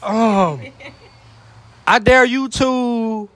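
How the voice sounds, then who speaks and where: A man with a high voice hosts a truth or dare game in a room at a house party. He is loud and joking, swears freely and often stumbles over his words. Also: extremely slow. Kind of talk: casual party chat.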